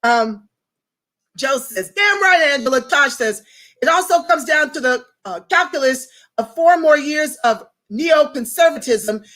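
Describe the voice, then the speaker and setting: A woman hosting a casual livestream, speaking in an animated, effusive way and greeting viewers by name as she reads their comments. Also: high-pitched, unhurried.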